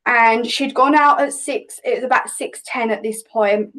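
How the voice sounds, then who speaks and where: Animated woman telling a story. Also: fairly high pitch, moderate pace, poor audio. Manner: animated, vivid retelling with many restarts. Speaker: podcast guest, hypnobirthing teacher. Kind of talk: casual personal storytelling.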